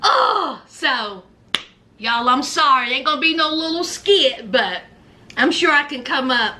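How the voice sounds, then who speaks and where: High, lively woman with sassy commentary. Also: measured pace. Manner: sassy, animated, laughing. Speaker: reaction vlogger. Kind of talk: casual reality-show commentary.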